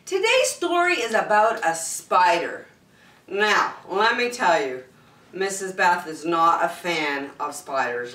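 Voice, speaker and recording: A woman reading a picture book aloud to children in an animated, sing-song storytelling voice. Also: medium pitch, roomy sound.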